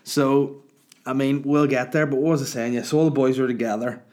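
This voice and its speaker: A man in his thirties with a Northern Irish accent, hungover, telling crude, rambling, animated comic stories. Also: medium pitch, fairly quick. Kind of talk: casual comic storytelling.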